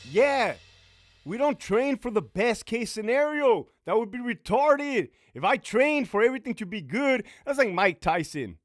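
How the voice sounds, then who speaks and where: A man's voice: very high-pitched, sing-song, measured pace, dry recording, soft background music. A middle-aged man, a former prison sergeant and military veteran, giving blunt, profane advice in a storytelling monologue. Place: home.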